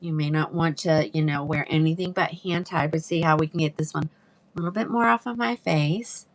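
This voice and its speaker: A woman's voice: low-pitched, brisk. A woman hosting a live wig sale, chatting casually and greeting viewers by name. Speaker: live-selling wig seller. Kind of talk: casual livestream sales chat.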